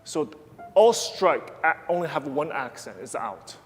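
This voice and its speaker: A man's voice: fairly high pitch, expressive, measured pace. A man teaching a ballet class, counting beats aloud and calling out cues between short explanations. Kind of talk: live dance class instruction. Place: large dance studio. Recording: echoey studio, piano music behind.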